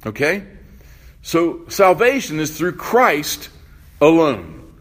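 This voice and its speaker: A man's voice: fairly high pitch, big pitch swings, a bit bright. A male pastor preaching a sermon, asking his congregation questions as he goes. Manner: unhurried, asks the congregation questions.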